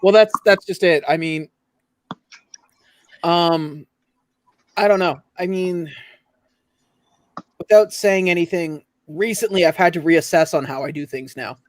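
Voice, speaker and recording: Casual host from Ontario, male, high voice, dry close sound, rambling and laughing. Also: measured pace, pauses often, no echo, rough recording. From Ontario, Canada. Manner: chatty, laughs often, trails off and restarts. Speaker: host of a late-night collectors' stream. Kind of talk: casual chat.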